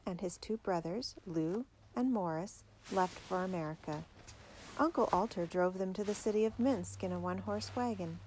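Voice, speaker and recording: A woman narrating a children's biography aloud in a steady, clear storytelling manner. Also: medium pitch. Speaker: audiobook narrator.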